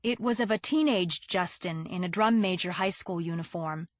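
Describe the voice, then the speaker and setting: A woman narrating an audiobook in the first person, in an even storytelling manner. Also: on the low side, moderate pace, dry recording. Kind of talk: scripted narration. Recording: dull dry studio recording.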